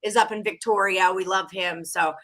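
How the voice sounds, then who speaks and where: A woman host from Houston with a light Southern accent, bubbly and quick to laugh while chatting about sports betting. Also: medium pitch, steady tone, a bit bright. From Houston, Texas. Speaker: show host. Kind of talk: casual sports betting chat.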